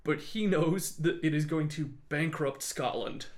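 Lively man telling a history tale. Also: a little high, a little slow. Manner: lively, jokey, laughs often. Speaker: podcast co-host, storyteller. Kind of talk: casual history storytelling.

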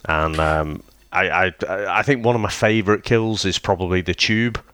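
A man's voice: deep voice, a bit bright, clear, resonant tone, no echo, studio quality. A man co-hosting a casual film review chat, enthusiastic and often restarting his sentences. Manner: enthusiastic, halting with frequent restarts. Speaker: podcast co-host.

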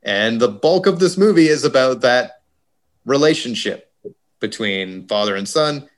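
Um homem num podcast comentando um filme num papo descontraído, brincando e fazendo imitações rápidas. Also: male voice, mid-range voice, animated. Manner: jokey, does quick impressions. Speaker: podcast co-host. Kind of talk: casual movie review chat.

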